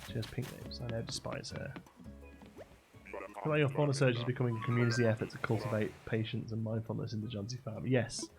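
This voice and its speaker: Guy rambling through a game stream, mid voice, game music behind. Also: mid-range voice. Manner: rambling, chatty, laughs often. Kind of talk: casual live-stream chat.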